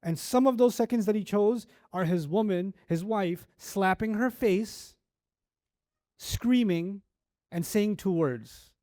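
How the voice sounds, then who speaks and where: A man's voice: high voice, slow pace, dark tone, no echo, studio quality. A man teaching a Quran lecture, telling stories with animation and asking many rhetorical questions. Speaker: Islamic teacher.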